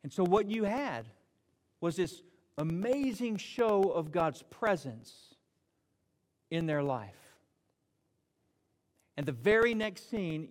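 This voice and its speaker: Male pastor, higher voice, lively storytelling sermon, long reverb of a hall. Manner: animated storytelling with jokes and retold dialogue.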